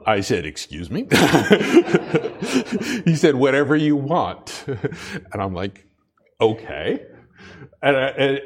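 Man preaching with a rambling story. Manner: rambling storyteller, many restarts, rises in pitch when preaching. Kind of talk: sermon with a personal anecdote.

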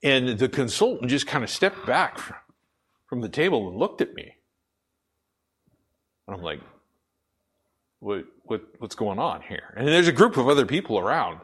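Man, middle-aged, deep radio voice, pastor, casual storytelling sermon, lots of fillers. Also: sing-song, normal speed, long pauses, fairly bright tone, slightly rough. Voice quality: deep, full radio-style voice. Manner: conversational storytelling, many fillers and restarts.

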